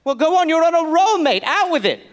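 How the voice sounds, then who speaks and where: A man doing a shrill, shockable colonial gent. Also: very animated, brisk. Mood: aghast. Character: fussy old colonial Englishman, easily shocked.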